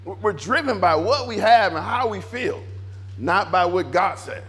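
A man preaching a sermon in a church, animated and repetitive, acting out little inner dialogues as he goes. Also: high-pitched, normal speed. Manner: animated, repeats phrases, acts out inner dialogue. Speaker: pastor.

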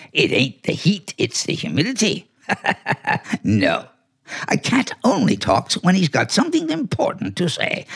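A man's voice: a little high, gravelly, a bit bright, breathy edge, heavily acted. An actor playing a clever, bossy talking male house cat in a 1940s radio play, smug and theatrical.

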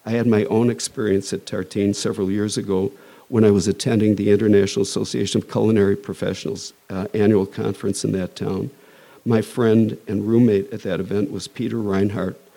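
Gravelly low-voiced man, rambling intro. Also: flat delivery, a little fast, dark tone. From United States. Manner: rambling, stumbling restarts, joking asides. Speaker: society president introducing a speaker. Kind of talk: casual introduction at a talk.

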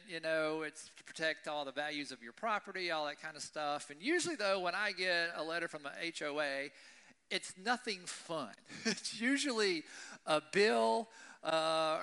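At a church service, a male pastor with a slightly high, sharp, smooth voice gives a conversational sermon to his congregation, often checking in with "right?"

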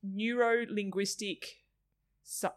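Woman, casual chat host, playful teasing tone, quick laughs, relaxed talk indoors. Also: mid-range voice. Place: indoors, recorded after a live stream.

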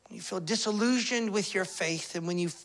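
A man preaching a sermon as pastor, impassioned, swinging between hushed confession and loud declarations. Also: high voice, a little fast.

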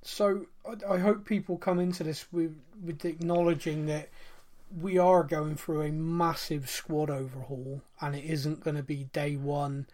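Chatty rambling man, fairly high voice. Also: level tone, unhurried, a little mellow. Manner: rambling, self-interrupting, fond of mimicking accents. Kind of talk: casual chat.

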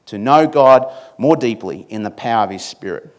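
A man's voice: medium pitch, animated, normal speed. A man preaching a sermon, stressing his points with repetition and rhetorical questions. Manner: emphatic, repeats key words, rhetorical questions. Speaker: pastor.

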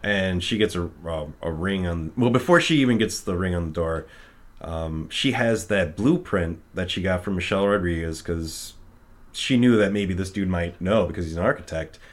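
A man's voice: low-pitched, normal speed. A man casually retelling a film's plot with many fillers, often acting out the characters' lines. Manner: rambling, full of fillers, acts out quotes. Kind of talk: casual film recap chat.

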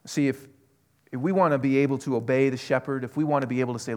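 A man preaching a sermon, earnest, moving from quiet questions to loud, emphatic passages. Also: mid-range voice, steady tone, fast talker. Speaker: pastor.

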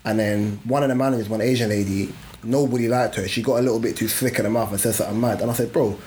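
A man telling stories fast and animatedly in casual podcast chat, full of slang. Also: on the low side, fairly even intonation, a little mellow, a little hiss or hum. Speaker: podcast host.

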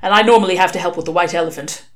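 A woman's voice: fairly low pitch, very fast, lightly acted. A woman reading aloud and voicing a mild, tired, bewildered middle-aged man, hesitant in speech.

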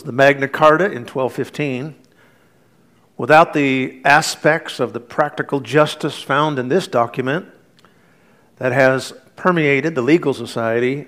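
A middle-aged man preaching from the pulpit in an earnest storytelling manner. He mixes light humor into the message and moves into a quiet prayer. His voice sits in an ordinary middle register. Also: mid-range voice. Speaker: pastor. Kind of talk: sermon.

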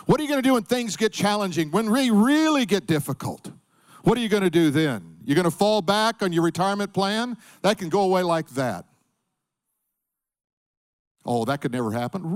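Lively, high-pitched preaching man. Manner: emphatic preaching with call-and-response. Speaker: pastor. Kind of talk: sermon.

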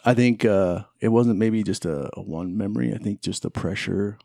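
Husky, gravelly, lively-voiced man. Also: on the low side, normal speed, no room sound, clean studio sound. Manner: joking, teasing, laughs often. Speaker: guest, host's older brother. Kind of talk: casual family chat.

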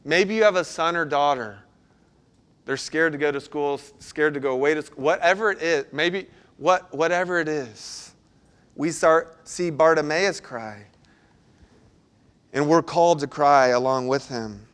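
High-voiced man preaching a sermon. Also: unhurried, clear, resonant tone. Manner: storytelling, swinging from hushed to loud and urgent. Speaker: pastor.

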